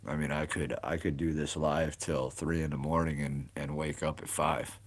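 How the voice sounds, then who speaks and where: A man's voice: rumbling low, flat delivery, normal speed. A man in his late forties, hosting a casual livestream and talking loosely to viewers, rambling with lots of "you know" and "like.". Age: 40s. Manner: rambling, thinks aloud with many "you know" and "like". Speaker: livestream host. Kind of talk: casual live chat with viewers.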